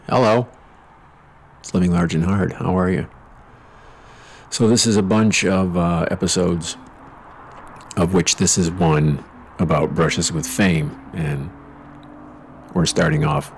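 Low gravelly man, rambling and profane. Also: moderate pace, slight background noise. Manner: rambling, profane, sarcastic, with asides. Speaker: podcast host. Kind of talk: casual storytelling monologue.

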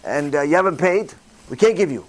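A curt, exasperated bank teller, put on by a man in a story turns a customer away. The voice sits fairly high and sounds everyday, with little change from the teller's own. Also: expressive, a little fast, close to an everyday voice. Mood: curt refusal. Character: irritated male bank teller refusing money.

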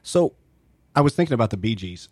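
A man's voice: medium pitch, very animated, brisk, a little mellow, no echo. A middle-aged man co-hosting a radio talk show, rambling and restarting his sentences. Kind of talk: casual chat. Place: radio studio.

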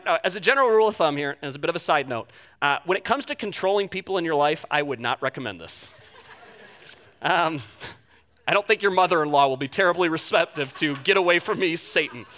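Animated bright-voiced male pastor preaching. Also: fast talker. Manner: animated storytelling, acts out quotes with big pitch jumps. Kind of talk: sermon.

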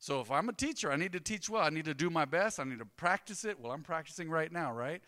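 A fairly high-voiced man preaching a sermon, loose and joking as he tells stories to his congregation. His tone is bright and forceful, and his voice rings out with the long reverb of a hall. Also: fast talker. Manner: conversational, joking, animated storytelling. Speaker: pastor.

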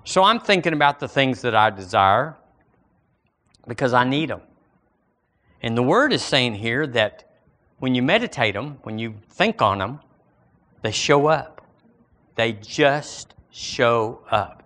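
A middle-aged pastor with a Southern drawl preaches in a loose, folksy way, talking with his congregation. When he reads scripture, his voice rises and grows emphatic. His voice sits at an ordinary middle pitch. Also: big pitch swings, takes it slowly, long pauses, a bit bright. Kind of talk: sermon.

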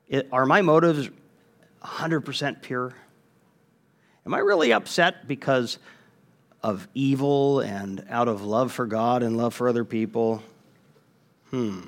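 A man preaching a sermon as pastor, emphatic and animated, with frequent restarts. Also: medium pitch.

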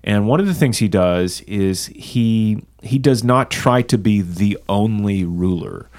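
Deep-voiced man explaining history. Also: a little mellow. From American South. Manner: measured, explanatory, with many "um"s. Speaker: podcast co-host. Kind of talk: casual discussion of church history.

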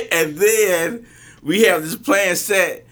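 A man's voice: high voice, drawn-out words, bright, forceful tone. A man co-hosting a podcast in casual chat, laid-back and chuckling as he talks. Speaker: podcast co-host.

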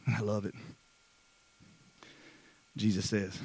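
A man preaching a sermon who moves between hushed, slow passages and loud, fervent stretches, often repeating words. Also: mid-range voice, animated, no room sound, low-quality recording. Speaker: pastor.

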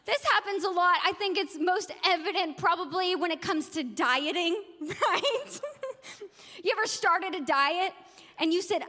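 A woman's voice: very high voice, a little slow, pushed and bright. A woman pastor giving a conversational sermon, laughing at her own jokes. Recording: long hall reverb.

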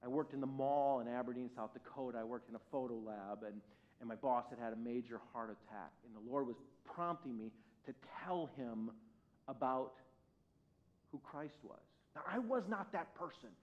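A man preaching at a church service, telling a personal story in an animated, self-mocking way, with his voice swinging from quiet to loud. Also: mid-range voice, normal speed. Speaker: pastor. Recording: dull lo-fi sound.

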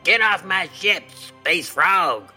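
A man voicing a cocky, boastful male spaceship captain who gloats and shouts, then pouts when he is ordered to bed. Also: mid-range voice, lively intonation, normal speed, faint music behind. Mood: gloating, shouting.

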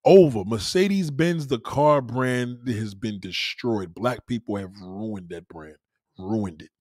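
A man's voice: lowish voice, slow, a little mellow, no room sound, clean studio sound. A man delivering a profane, emphatic ranting monologue full of rhetorical questions, talking to a livestream audience.

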